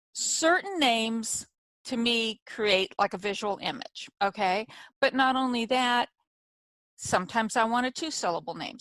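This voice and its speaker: A woman author hosting an interview, telling stories in an animated, chatty way. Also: on the high side, dry recording. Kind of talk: casual conversational interview.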